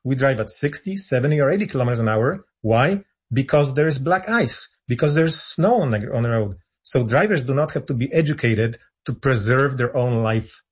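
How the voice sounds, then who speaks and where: A man's voice: mid-range voice, animated, moderate pace, hardly any pauses, husky, muffled recording. A man speaking as a guest on a radio call-in show, arguing his points insistently and repeating them for emphasis. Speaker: guest, founder of an advocacy group.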